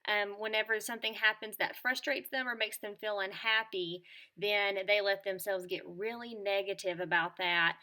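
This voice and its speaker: A woman teacher presenting a scripted lesson to children in a clear, upbeat and encouraging tone. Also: medium pitch, sharp tone. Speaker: teacher presenting a school morning show lesson.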